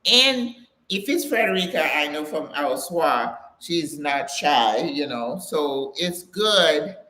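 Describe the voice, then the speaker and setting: Speaking slowly in a low, bright, forceful voice, this older woman is animated as she hosts a live-stream Q&A for women who are retiring. The chat is casual, full of frequent laughter and viewers greeted by name.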